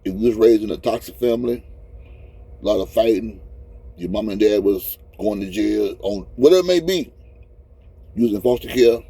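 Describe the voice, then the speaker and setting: Tearful husky-voiced man in his fifties. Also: on the low side, warm tone, no echo. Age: 50s. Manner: rambling, heartfelt, repeats himself. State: crying. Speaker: truck driver vlogger. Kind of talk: casual emotional vlog talk.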